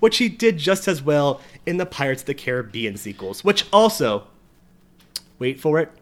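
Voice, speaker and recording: A man's voice: on the high side, sing-song, moderate pace. A man co-hosting a casual film review chat, blunt and profane, ranting about a movie he dislikes. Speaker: podcast co-host.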